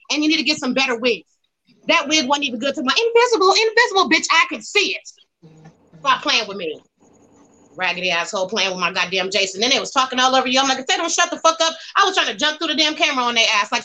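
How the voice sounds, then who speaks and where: A woman's voice: high voice, bright, forceful tone, low-quality recording. A woman with calling in to a gossip show, ranting about celebrities in a brash, crude, insulting way. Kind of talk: profane celebrity gossip rant.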